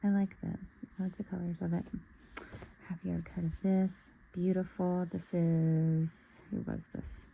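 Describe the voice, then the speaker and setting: A woman talks slowly through a fabric haul, her voice deep-toned and gravelly with fry. She muses aloud and sometimes trails off to a near-whisper. A faint hum of room ambience sits behind her. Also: little pitch movement, warm tone, poor audio. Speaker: sewing vlogger. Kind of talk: casual show-and-tell haul.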